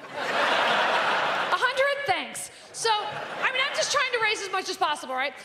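A woman's voice: extremely high pitch, big pitch swings, fast, heavy background noise. A woman comedian telling a brash, profane, gossipy story on stage. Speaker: stand-up comedian. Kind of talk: stand-up storytelling. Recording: live hall recording with audience.

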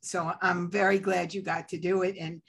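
A woman's voice: lowish voice, flat delivery, normal speed, creaky, a bit bright. A woman hosting for the treatment center, thanking her guests graciously over a video call. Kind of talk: friendly interview wrap-up.

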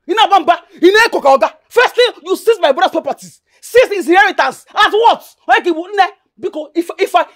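A woman's voice: extremely high pitch, expressive, quick pace, hardly any pauses. A scornful Nigerian woman. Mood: angry. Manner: mocking, repeats herself, shouts in Pidgin. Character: quarrelsome young woman, loud and scornful. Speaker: actress in a film. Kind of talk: Nollywood film drama.

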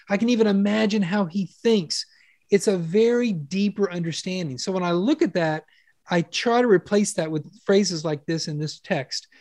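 A man's voice: high voice, no room sound. Enthusiastic preacher man, dry close sound. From Western country. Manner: enthusiastic, animated, with rhetorical questions to the congregation. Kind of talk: conversational sermon.

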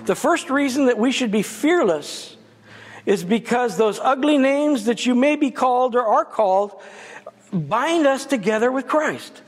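A man's voice: extremely high pitch, expressive, unhurried. A man giving a guest sermon in a church, conversational and dotted with humorous asides. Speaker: guest preacher. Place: church sanctuary. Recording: long church reverb.

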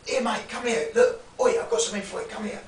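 A man playing a fake-friendly street thug who loudly coaxes someone closer, calling him mate. The voice comes from a distance in a roomy space with a faint hiss. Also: very high-pitched, huge pitch swings, fast, voice pushed up, heavily acted. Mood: pushy coaxing. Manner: loud, coaxing, calls "mate".

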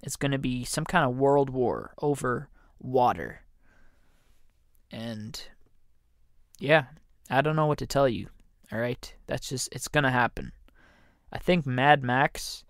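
A man hosts a meandering comedy podcast in an unhurried, drawn-out delivery. He jokes, cuts himself off mid-thought, and slips into silly mock voices. The sound is close and dry, with no room behind him. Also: medium pitch, dry recording. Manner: joking, self-interrupting, slips into mock voices. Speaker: podcast host. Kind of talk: rambling comedic monologue.

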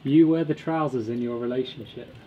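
A man's voice: medium pitch, a little fast, dull audio. A man off camera in a garden, reading questions briefly and matter-of-factly, heard from away from the microphone. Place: outdoors in a garden. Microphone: off-camera, away from the mic. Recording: distant outdoor mic with faint noise.

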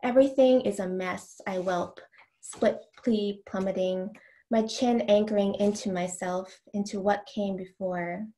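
Woman, poet, poetry reading, slow deliberate lines, ums between poems. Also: medium pitch, steady tone, warm tone.

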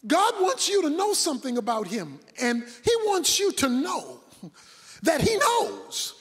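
High-pitched guy preaching, really animated, big loud-to-quiet swings, echoey hall. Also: measured pace. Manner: dramatic, swinging between shouts and hushed asides. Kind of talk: sermon.

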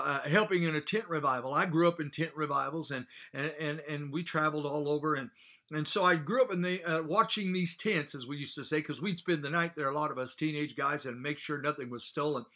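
A man's voice: fairly high pitch, brisk, sharp tone. A man preaching a sermon with fervor, dropping in hallelujahs and telling a personal story with frequent restarts. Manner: fervent preaching with hallelujah interjections; storytelling with repeated false starts.

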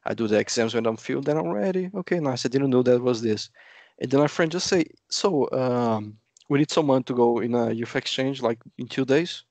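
A man from Brazil, a native Portuguese speaker, chatting as an interview guest with a lively storytelling manner that acts out quotes. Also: mid-range voice, normal speed, no room sound. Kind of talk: casual interview chat.

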